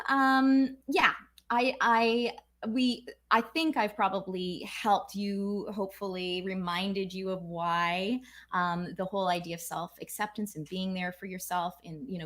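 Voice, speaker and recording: A middle-aged woman, a life coach, giving a casual livestream talk with lots of fillers and restarts. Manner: acts out quoted voices with big pitch jumps.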